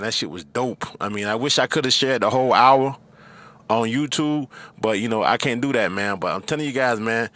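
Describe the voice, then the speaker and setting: A man hosts his own show in a casual monologue, loose and rambling. His voice is bright and forward, and he keeps dropping slang and fillers as he goes. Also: medium pitch. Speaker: YouTube show host.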